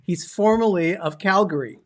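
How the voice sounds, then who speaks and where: A man hosting a casual video chat, chatty and excitable as he tells a story. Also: high voice, normal speed. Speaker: host.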